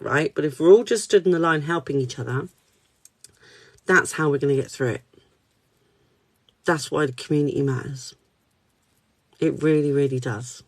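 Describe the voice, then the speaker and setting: A woman's voice: low voice, dry recording. Reassuring woman reading cards. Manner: reassuring, candid, swears casually. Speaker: spiritual card reader. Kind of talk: live spiritual reading chat. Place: at a desk.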